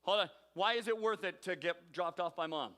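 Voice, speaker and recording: A youth pastor's high, pushed, bright voice moves at a moderate pace as he leads teens in a group game, naming them and teasing them in fun. The setting is a large hall with an audience, and a long reverb hangs on the sound.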